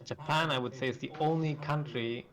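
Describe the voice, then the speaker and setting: A man from Germany interviewing a friend, easygoing and quick to laugh. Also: fairly high pitch, fairly even intonation, fairly bright tone, poor audio. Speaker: interviewer, esports worker. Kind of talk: casual interview chat.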